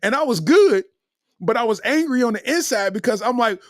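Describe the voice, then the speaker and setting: A middle-aged comedian hosts a podcast and tells loose, slangy stories. His pitch swings up and down with lively energy. The sound is close and dry, with little room echo. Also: a little fast. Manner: animated, slangy, laughs between lines.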